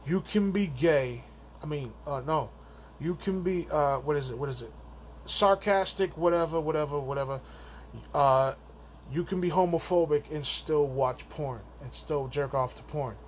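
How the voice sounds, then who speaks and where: High-voiced man ranting crudely. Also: normal speed, a little hiss or hum. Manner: crude, rambling, profane rant; amateur stand-up comic. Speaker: podcast host. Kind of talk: solo venting podcast.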